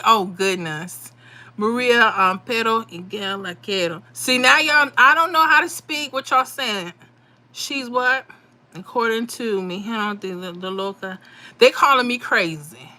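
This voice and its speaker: A woman's voice: on the high side, sharp tone. A woman hosting a live stream, casually chatting with viewers and reading their comments, laughing often. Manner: chatty, laughs often, Southern-style speech. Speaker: livestream host reading chat.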